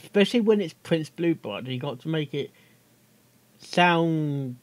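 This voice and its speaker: A man's voice: fairly high pitch, animated, measured pace, no echo. A man hosting a casual reaction video, chatty and giggly, often tripping over his words.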